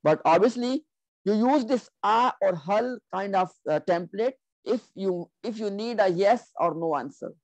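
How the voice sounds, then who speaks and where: Patient teacher with a dry close sound. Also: male voice, high-pitched, a little slow, darkish tone, no echo, rough recording. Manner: patient, checks understanding with "Clear?". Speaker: Arabic grammar teacher. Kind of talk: recorded online lesson with slides.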